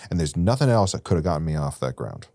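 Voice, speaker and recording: Very deep-voiced man telling his story. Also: sing-song, quick pace, dry recording. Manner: rambling, grows loud and intense at peaks. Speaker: podcast guest. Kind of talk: candid storytelling about recovery.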